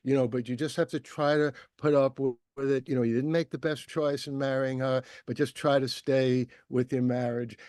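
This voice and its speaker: A man voicing a rabbi who calmly tells each visitor they are right. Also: medium pitch, moderate pace, hardly any pauses, dry recording, clean studio sound, natural voice. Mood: placating. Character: patient, placating rabbi.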